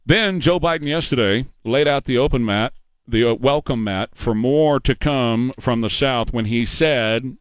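A man's voice: mid-range voice, a little slow, no echo. A man hosting a talk radio show in a studio, emphatic, ranting and sarcastic.

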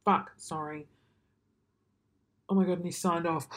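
A woman's voice: on the low side, moderate pace, long pauses. A young Australian woman in casual chat, emotional and gushing, swearing freely. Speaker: vlogger reacting to old news clips.

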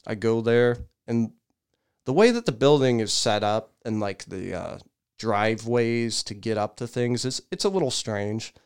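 A man's voice: fairly low pitch, unhurried, smooth. A man co-hosting a podcast, telling a rant in casual chat and acting out people he talks about. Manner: animated ranting storyteller, mimics people in loud raised voices. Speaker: podcast co-host.

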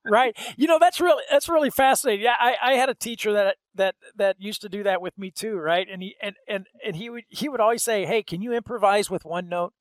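A man with a notably high-pitched voice hosts the interview, recorded dry and close with no room sound. He affirms his guest often and shares stories of his own. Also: fast, hardly any pauses, no room sound. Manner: engaged, frequent affirmations, storytelling. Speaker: interview host. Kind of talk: conversational interview.

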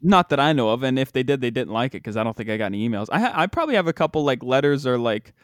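A young man with a slight Southern country accent hosting a casual podcast, ranting with animated disbelief. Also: medium pitch, racing, no echo, studio quality. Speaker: podcast host.

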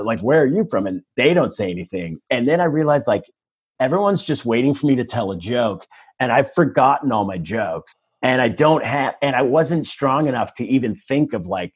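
A man's voice: mid-range voice, a little mellow, breathy edge. A male stand-up comedian telling stories in a casual interview, self-deprecating and rambling with restarts.

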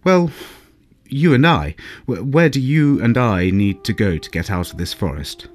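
A man's voice: on the low side, lively intonation, a little slow, pitched above the performer's own voice. A man voicing a polite, earnest young man lost in a forest, who stumbles over his words. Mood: flustered.

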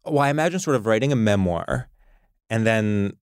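A man with a fairly low but very animated voice cohosts a podcast, bantering playfully and often laughing at his own jokes. The recording is close and dry, with no room sound. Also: moderate pace, clean tone, no room sound. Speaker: podcast co-host. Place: podcast studio.

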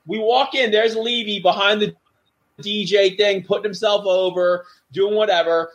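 A man's voice: sits high, normal speed. A middle-aged man, a former wrestler, telling backstage stories in a casual chat and acting out the voices of people he quotes. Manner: animated, acts out quoted voices. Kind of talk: casual storytelling.

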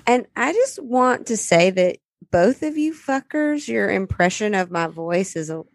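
A woman's voice: medium pitch, big pitch swings, unhurried, vocal fry, no echo. A woman co-hosting a casual podcast chat, blunt, laughing often and swearing freely. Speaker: podcast co-host.

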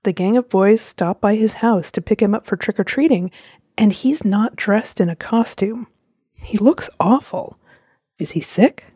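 A woman reading a storybook aloud with a slow, gentle, expressive delivery. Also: mid-range voice, breathy edge, dry recording, studio quality.

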